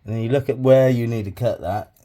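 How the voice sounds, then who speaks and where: A man's voice: mid-range voice, quick pace, dark tone. Swearing, rambling man at his crafts. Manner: rambling, swears freely, mutters asides under his breath. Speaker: crafting hobby vlogger. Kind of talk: casual crafting tutorial.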